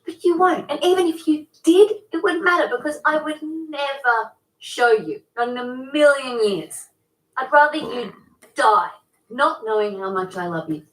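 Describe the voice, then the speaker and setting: A woman's voice: sits high, normal speed, a bit bright. A woman playing a haughty, posh woman who bickers with her partner, in a theatrical, needling manner. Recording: roomy echo, distant mic.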